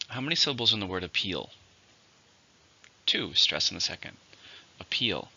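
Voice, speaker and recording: A man teaching English vocabulary in a recorded lesson, with slow, clear, deliberate pronunciation drills. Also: on the low side, sharp tone. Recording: dull lo-fi recording.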